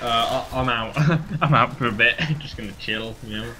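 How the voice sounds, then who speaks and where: A man with a bright, crisp voice, smug and laid-back as he games with friends. A faint hiss runs underneath. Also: mid-range voice, normal speed, poor audio. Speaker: gamer. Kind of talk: casual gaming chat.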